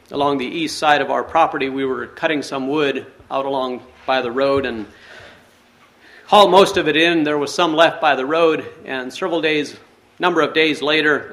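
A man's voice: on the high side, a bit bright. A man reading a story aloud and then reflecting on it in an earnest way, with some hesitant restarts. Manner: earnest, with hesitant restarts in his own talk. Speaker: speaker.

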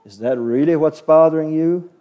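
A man voicing a gentle, patient male teacher figure in a told story, asking soft questions. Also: a little high, normal speed, smooth, narrow, tinny audio, lightly acted.

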